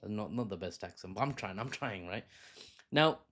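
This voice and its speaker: A man's voice: lowish voice, animated, normal speed, a bit bright. A man giving casual political commentary, conversational, often correcting himself and adding joking asides.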